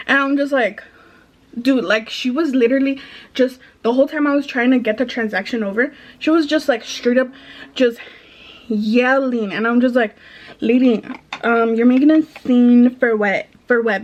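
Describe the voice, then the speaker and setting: A young adult woman telling a frustrated, casual storytime about a retail job, swearing freely. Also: sits high. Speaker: vlogger, retail manager.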